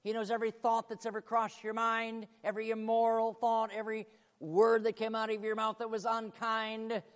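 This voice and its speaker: A man's voice: high voice, completely flat delivery, moderate pace, clean tone, in a large hall. A man preaching a sermon in an emphatic, dramatic way.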